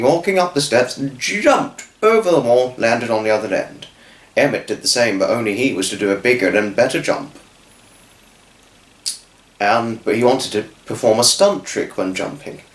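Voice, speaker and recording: A man telling a children's story off the cuff, halting and restarting his words. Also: mid-range voice, roomy sound. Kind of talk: improvised storytelling.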